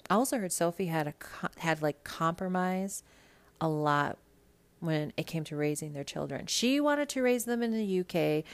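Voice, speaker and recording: A woman's voice: on the low side, animated, moderate pace. A woman from Minnesota hosting a podcast, chatting about celebrity gossip in a blunt, sassy way and swearing freely. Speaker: podcast host. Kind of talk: casual celebrity gossip monologue.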